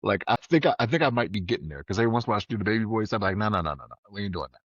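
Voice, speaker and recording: A man co-hosting a podcast in casual chat, an animated storyteller who acts out the voices of people he quotes. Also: lowish voice, rapid-fire, dry recording, dull audio. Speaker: podcast co-host.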